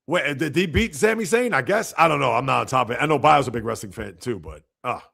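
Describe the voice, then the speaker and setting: Gravelly man hosting a sports livestream. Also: mid-range voice, animated, quick pace, fairly bright tone. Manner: rambling, rhetorical, exasperated asides. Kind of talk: casual sports commentary livestream.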